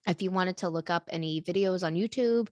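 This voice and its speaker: A woman's voice: fairly low pitch, darkish tone, no echo, clean studio sound. A young adult woman co-hosting a podcast, chatty and playful in casual conversation. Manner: chatty, playful, quick to laugh. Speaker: podcast co-host. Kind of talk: casual chat.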